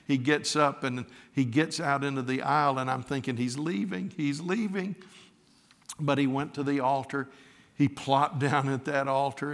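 Older guy preaching, emotional story then fired up, mid pitch, long echo like a big hall. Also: creaky, a bit bright. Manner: emotional storytelling, swelling to fervent exhortation. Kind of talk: sermon. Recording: reverberant hall.

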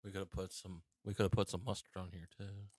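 A man in a casual podcast chat, talking hesitantly and haltingly a bit away from the mic. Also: deep voice, little pitch movement, dry recording.

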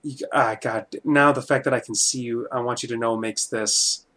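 A man hosting a casual podcast, sarcastic and deadpan with his co-host. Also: mid-range voice, normal speed.

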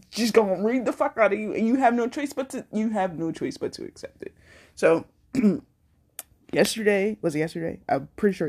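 A woman's voice: low-pitched, darkish tone. A young adult woman hosting her own podcast, talking in a candid, rambling way with plenty of swearing. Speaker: podcast host. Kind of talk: casual solo podcast monologue.

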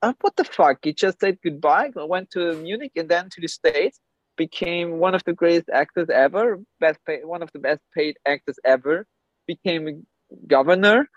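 A man's voice: a little high, normal speed, dry recording, lo-fi sound. A man whose first language is German, a podcast guest, who talks emphatically and bluntly and swears often. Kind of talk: candid podcast conversation.

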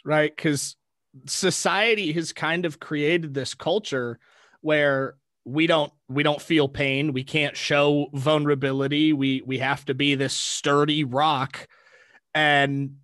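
A man's voice: fairly high pitch, fairly bright tone, dry recording, studio quality. A man hosting a podcast, speaking in an earnest, reflective way in a casual conversation.

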